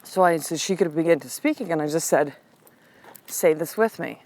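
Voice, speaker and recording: A middle-aged woman, a podcast host and coach, telling a personal story in a candid, animated way that turns soft and slow for calm affirmations. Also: low voice, low-quality recording.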